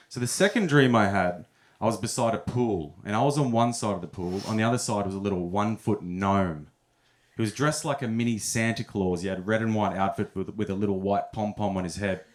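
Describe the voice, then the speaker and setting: A man's voice: lowish voice, moderate pace. A young man telling stories in a stand-up set at a comedy club, often chuckling at his own punchlines.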